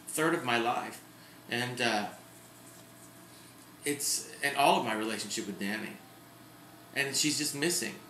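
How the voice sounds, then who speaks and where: A man's voice: mid-range voice, a little hiss or hum. A middle-aged man talking candidly to his camera at home in a casual vlog. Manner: chatty and candid, with sudden loud outbursts. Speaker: vlogger. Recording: echoey room.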